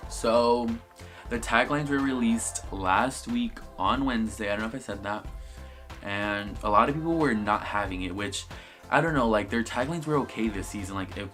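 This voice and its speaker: A man's voice: fairly low pitch, normal speed, fairly bright tone, faint music behind. A young man giving a casual, sassy review of a reality TV episode, swearing freely. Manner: sassy, swears a lot, acts out the cast in quotes. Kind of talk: casual vlog commentary.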